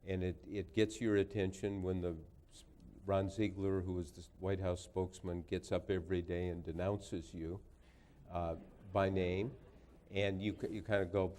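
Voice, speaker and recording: A man in his sixties with a somewhat low voice tells anecdotes at a lecture. His humor is dry and wry. He builds each story patiently toward a punchline. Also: little pitch movement, moderate pace, darkish tone, slight background noise. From United States. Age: 60s. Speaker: guest lecturer. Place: lecture hall before an audience.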